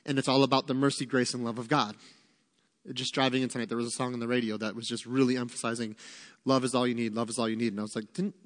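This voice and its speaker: Speaking in a large hall, a middle-aged male pastor with a slightly high, fairly bright voice preaches conversationally and with emphasis. He hammers his main points through repetition as he teaches.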